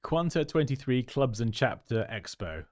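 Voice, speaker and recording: A man's voice: medium pitch, sing-song, moderate pace, dry recording. A man hosts a livestream, giving chatty, upbeat feedback on viewers' design work and laughing often. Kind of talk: casual livestream commentary.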